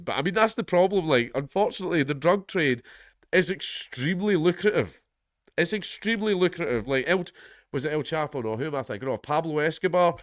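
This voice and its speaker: A man's voice: medium pitch, dry recording, clean studio sound. Congested Scottish man with sweary commentary. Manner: sardonic, sweary, rambling asides. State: congested with a head cold. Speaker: commentary channel host. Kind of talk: reading a news article aloud with blunt commentary.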